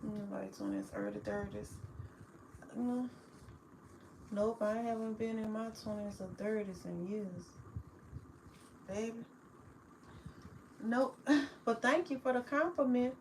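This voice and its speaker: A woman, chatting casually with viewers on a livestream, affectionate and quick to laugh. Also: a little high, gravelly, a little mellow, slight background noise, rough recording. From New Orleans, Louisiana. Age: 40s. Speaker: livestream host.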